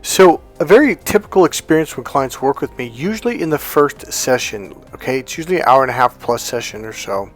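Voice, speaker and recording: A man's voice: medium pitch, expressive, a little fast, few pauses, faint music behind. Man coaching, acting out client quotes. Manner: conversational, acts out quotes of clients. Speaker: life coach. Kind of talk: casual teaching talk.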